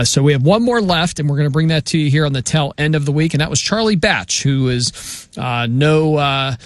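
A man's voice: mid-range voice, no room sound. A man hosting a sports radio show, wrapping up steadily with occasional "uh". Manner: steady, announcer-like with filler "uh".

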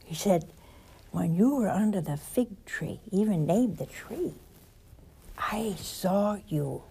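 A woman preaching a sermon, telling scripture stories with lively asides and chuckles. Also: medium pitch, a little slow, a little hiss or hum. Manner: animated storytelling with asides and laughter.

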